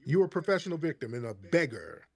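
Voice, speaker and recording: A man's voice: medium pitch, big pitch swings, fast talker, vocal fry, breathy edge. A man hosting a call-in show, arguing heatedly and mocking the caller. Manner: combative, mocking, talks over the caller. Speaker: host.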